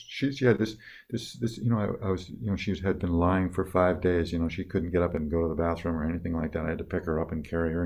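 Deep, husky older man, halting and soft. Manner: halting, with many restarts and trailing phrases; soft-spoken, dropping quieter on tender moments. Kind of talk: reflective personal storytelling.

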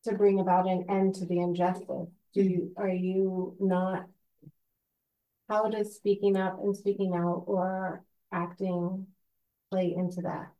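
A woman from the audience slowly working out a hesitant question, searching for her words as she goes. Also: medium pitch, little pitch movement, mellow, rough recording. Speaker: audience member asking a question.

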